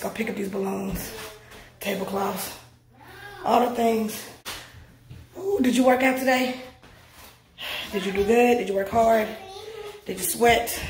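A thirty-something woman documenting her fitness journey speaks in a mid-range voice, chatting casually to camera while tired from her workout. She addresses viewers directly, often saying "y'all" and "you guys," and the sound is reverberant with a little hiss or hum.

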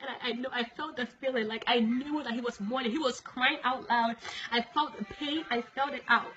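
A woman's voice: fairly high pitch, fairly even intonation, normal speed, background noise. A woman earnestly recounting a prophetic dream in an emotional spoken testimony, tearful and pleading. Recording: dull lo-fi recording with faint music.

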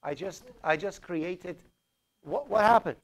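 In an unhurried, high-sitting voice, a Persian-accented man teaches a programming class and codes live. He thinks out loud throughout, dropping fillers and correcting himself.

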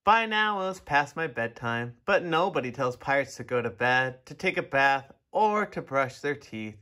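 A man reads a children's picture book aloud in an expressive, animated way. His voice sits in the mid range, and he keeps a moderate pace.

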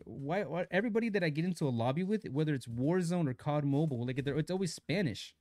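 A man's voice: fairly high pitch, a little mellow, no echo, clean studio sound. A young man live-streaming a mobile shooter, chatting casually in slang while greeting viewers and reading chat aloud.

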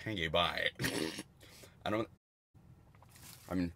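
Brief: twenties male streamer, lowish pitch, crude rambling food-review chatter, sudden excited spikes. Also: extremely slow, background noise. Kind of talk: casual livestream food review.

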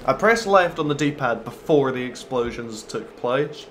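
A man's voice: medium pitch, expressive, a little slow, fairly bright tone, a little hiss or hum. A man giving casual, sweary gameplay commentary, taunting and mocking other players. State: stoned. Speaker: gaming YouTuber.

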